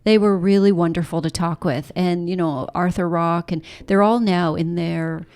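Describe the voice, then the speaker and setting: Author guest, woman, middle-aged, low voice, reflective and unhurried with fillers. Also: steady tone, darkish tone. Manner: thoughtful, many fillers and restarts. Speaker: author and journalist, podcast guest. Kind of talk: conversational interview.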